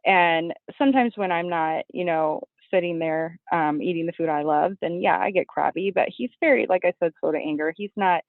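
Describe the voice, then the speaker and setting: A woman in her thirties chats as a guest, telling stories with energy. She pops into a high voice to act out what others said. The sound is dry and thin, like a phone call. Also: moderate pace, hardly any pauses, no echo. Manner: animated storytelling, acts out quotes in a high voice. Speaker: podcast guest, bodybuilding competitor. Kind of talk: casual interview chat. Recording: tinny phone-like line, dry.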